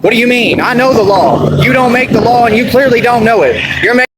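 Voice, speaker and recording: A man's voice: very high voice, lively intonation, brisk. A man ranting on a livestream, bragging in street slang and asking over and over whether you understand. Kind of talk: boastful livestream rant. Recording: noisy livestream audio.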